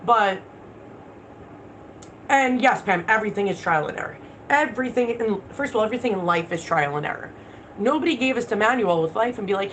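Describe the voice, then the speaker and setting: A woman's voice: mid-range voice, animated, brisk, fairly bright tone, a little hiss or hum, rough recording. A woman hosting a casual livestream, talking bluntly with plenty of swearing and answering viewer comments. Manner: blunt, profane, talks back to viewer comments. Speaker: livestream host.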